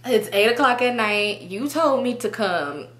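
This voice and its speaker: A young woman casually telling a story to her viewers, animated and profane, acting out her friends' lines. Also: a little high, unhurried. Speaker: storytime vlogger.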